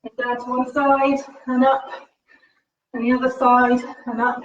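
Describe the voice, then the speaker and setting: This female fitness instructor runs a live-streamed home workout with a faith reflection, cheering viewers on while slightly winded from moving. Her high voice stays level and a little slow, captured in dull, distant, roomy livestream audio.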